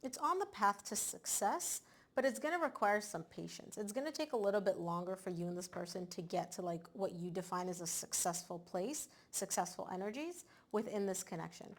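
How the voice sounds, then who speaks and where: Woman tarot reader, casual to camera, emphatic and animated, medium voice. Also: mid-range voice, a little fast. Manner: animated, emphatic, repeats words for stress.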